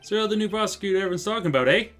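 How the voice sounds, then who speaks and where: A streamer putting on a chatty older judge with a playful put-on Canadian accent, his voice pitched up and tagging questions onto everything. Faint music plays underneath. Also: expressive, racing, a bit bright. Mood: friendly. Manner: rambling, friendly, ends lines with "eh". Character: folksy older male judge. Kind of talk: let's play voice acting.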